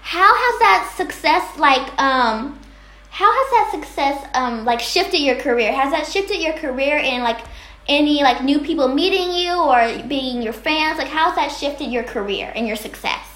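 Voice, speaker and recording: Bubbly high-voiced woman interviewer. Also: expressive, unhurried, a bit bright, reverberant. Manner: bubbly, gushing praise, rambling questions. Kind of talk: casual interview.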